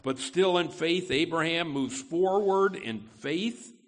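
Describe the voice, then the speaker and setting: A man preaching an expository sermon as pastor, slow and deliberate, pausing and correcting himself as he reads and explains scripture. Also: fairly high pitch.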